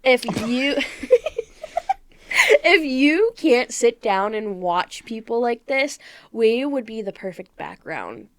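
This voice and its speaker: A woman's voice: on the high side, sing-song, slow pace. A young woman co-hosting a casual podcast, giggly and bubbly, reading posts aloud and adding asides. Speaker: podcast co-host.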